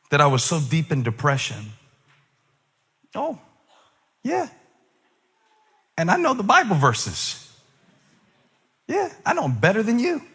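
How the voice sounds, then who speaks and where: Animated husky-voiced preacher man. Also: in a large hall. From United States. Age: 40s. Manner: swings between loud preaching and quiet low asides; confessional and self-mocking. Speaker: pastor. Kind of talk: sermon.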